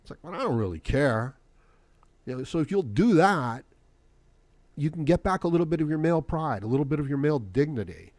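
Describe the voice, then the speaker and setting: A man's voice: on the high side, animated, quick pace, darkish tone, no room sound. Rambling, profane male podcast host. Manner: rambling and profane, full of "you know" fillers. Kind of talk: rambling solo podcast monologue.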